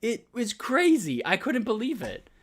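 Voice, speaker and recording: A man co-hosting a gaming podcast, talking in casual, excited, rambling bursts. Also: very high-pitched, a little slow. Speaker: podcast co-host. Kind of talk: casual chat.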